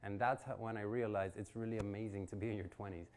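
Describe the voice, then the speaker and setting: A man's voice: lowish voice, steady tone, fast, a little mellow. A man in his forties telling a personal story at a networking event, acting out quotes and laughing often. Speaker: guest speaker. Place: event venue.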